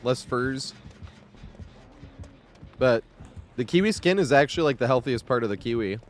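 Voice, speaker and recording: Male streamer, 30s, casual and rambling, quick to laugh, swears freely, home desk mic. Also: mid-range voice, expressive, soft background music. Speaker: live game streamer. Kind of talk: casual live-stream chat.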